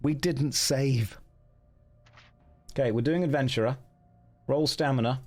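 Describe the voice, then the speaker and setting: A man's voice: a little high, lively intonation, a little slow, long pauses, a little mellow. A man streaming a gamebook, chatting with his viewers about their votes and reading the story passages aloud. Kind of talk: live-streamed gamebook play with chat votes.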